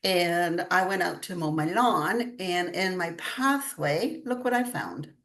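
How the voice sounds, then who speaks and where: A woman's voice: on the low side, lively intonation, slow, fairly bright tone. An older woman chatting in an interview, telling stories with frequent laughs. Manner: chatty storytelling, laughs often. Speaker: guest, intuitive channeler. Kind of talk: casual interview chat.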